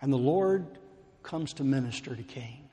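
A man preaching a sermon, slow and emphatic, building to fervent pleading. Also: mid-range voice, lively intonation, mellow. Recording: long hall reverb.

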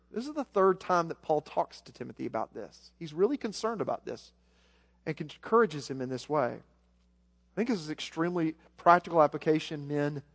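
High-voiced Southern pastor in a hall. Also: male voice. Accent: Southern American. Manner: earnest, repeats words when building a point. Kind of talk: sermon. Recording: long hall reverb.

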